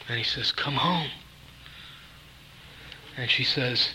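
A man's voice: mid-range voice, steady tone, unhurried, long pauses, bright, forceful tone, slight background noise, rough recording. A man preaching a sermon, earnest and rising to emphatic peaks on key phrases.

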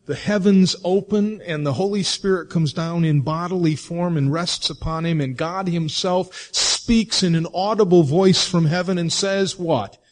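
Male preacher, slightly high, expressive sermon delivery with rhetorical questions. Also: a little slow, few pauses.

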